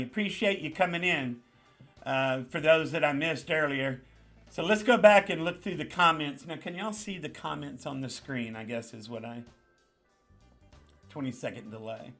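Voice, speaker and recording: This is a man with a New York accent hosting a live chat, his voice bright and forceful and sitting a little high. He talks casually, hammers points home by repeating them, and greets viewers one by one. Faint music plays underneath. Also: gravelly. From the Bronx. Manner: animated, greets viewers by name, emphatic repetition. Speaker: livestream host.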